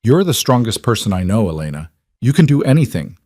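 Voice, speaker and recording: A man voicing an injured, stubborn and devoted young husband, speaking low, steady and firm. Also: a little fast, dry recording, clean studio sound.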